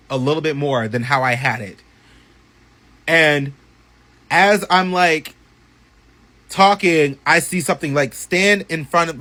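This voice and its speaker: A man telling a personal story in a casual storytime vlog, animated and profane, with many chatty asides. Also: on the high side.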